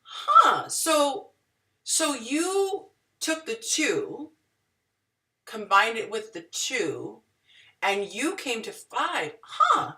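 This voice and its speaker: A woman putting on a falsely sweet, condescending voice she calls her inner Karen, mock-curious and shrill. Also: sing-song, drawn-out words, sharp tone, roomy sound, recorded from a distance, slight background noise, heavily acted.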